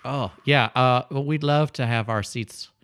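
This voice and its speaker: Man playing a loud drawling American lady tourist. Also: medium pitch, steady tone, unhurried. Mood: brash. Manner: loud, drawling, over-friendly.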